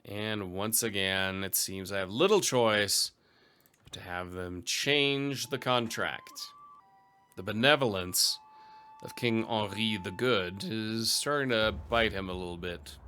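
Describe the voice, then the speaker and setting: A man's voice: fairly low pitch, bright, forceful tone, smooth. A man commentating a strategy game, reading event text aloud with dry, wry asides. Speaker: let's play host.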